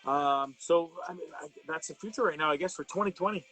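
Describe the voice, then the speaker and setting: A middle-aged man with a fairly high voice hosts a casual live stream. He rambles through fillers and false starts and rants with plenty of swearing. Faint music plays under his talk. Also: fairly quick, fairly bright tone, rough recording. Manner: ranting, profane, rambling with fillers and restarts; reads viewer comments aloud. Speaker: live show host.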